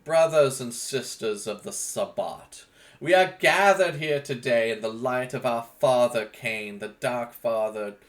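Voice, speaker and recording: A man's voice: mid-range voice, pitched above the performer's own voice, lightly acted. A man doing a fiery vampire cult preacher. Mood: rousing. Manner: rousing, slow and declaiming.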